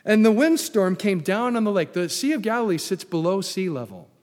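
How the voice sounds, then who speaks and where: A man's voice: sits high, sing-song, a little fast, darkish tone, in a large hall. A man preaching a sermon as pastor, emphatic, repeating key phrases and putting questions to the congregation.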